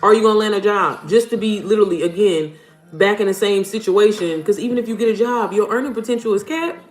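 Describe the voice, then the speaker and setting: A woman's voice: mid-range voice, fast talker. Lady chatting on a livestream, blunt, swears a lot, roomy room with faint music behind. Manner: chatty, blunt, swears casually, addresses viewers as y'all. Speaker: livestream host and mom business coach. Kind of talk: casual livestream chat.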